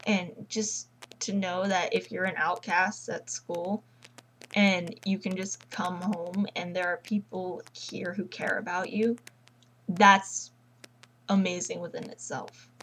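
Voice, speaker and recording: A teenage girl vlogging casually at home, rambling and gushing like an excited fangirl. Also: on the low side, slow pace, slight background noise, low-quality recording. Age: teens. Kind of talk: casual chat.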